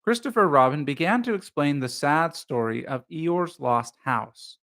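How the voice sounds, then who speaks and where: A man reading a children's storybook aloud in a gentle narration. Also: a little high, animated, measured pace. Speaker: reader.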